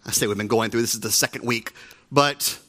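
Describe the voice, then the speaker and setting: A man's voice: mid-range voice, fairly quick, sharp tone. A middle-aged man preaching a sermon from a church pulpit, chatty and joking with the congregation. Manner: joking, conversational, self-deprecating asides. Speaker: pastor. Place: church sanctuary.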